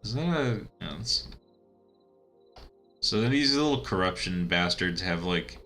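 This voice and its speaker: A man chats his way through a video game session in loose, rambling commentary, often laughing at his own tangents. His voice sits very low yet comes across bright and forceful. Soft game music plays quietly underneath. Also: animated, a little slow. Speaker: let's-play gamer. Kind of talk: casual gameplay commentary.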